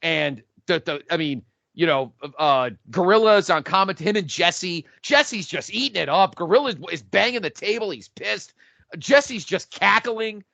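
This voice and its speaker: Excitable man with a bright, dull-sounding voice. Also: high voice, unhurried, vocal fry, dry recording. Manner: animated, profane play-by-play storytelling. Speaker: podcast co-host. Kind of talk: excited casual chat.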